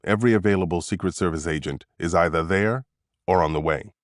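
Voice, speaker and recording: A man voicing a guarded male Secret Service agent in an audiobook, speaking low, clipped and measured. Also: no room sound, studio quality, natural voice.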